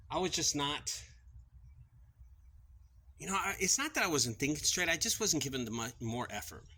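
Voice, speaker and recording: A man's voice: mid-range voice, bright, forceful tone, rough recording. A middle-aged man who owns a junk removal business, speaking casually to camera outdoors and acting out both sides of a sales conversation. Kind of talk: casual talking-to-camera vlog.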